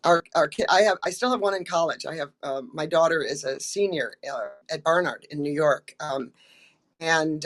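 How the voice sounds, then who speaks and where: An older American actress telling stories in a casual interview, chatty and full of ums and restarts, acting out quotes. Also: female voice, low-pitched.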